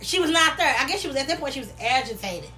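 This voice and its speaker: A young woman telling a story in a casual chat, animated and profane, acting out what people said. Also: high-pitched, fast talker, a loud crowd. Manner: animated, profane, acts out quotes. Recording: echoey room.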